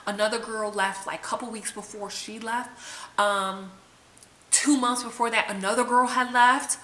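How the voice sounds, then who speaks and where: Woman, vlogger, candid emotional storytelling, bright forceful tone, echoey room, faint hiss. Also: medium pitch. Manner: candid, emotional, conversational with fillers and restarts. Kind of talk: personal storytelling to camera.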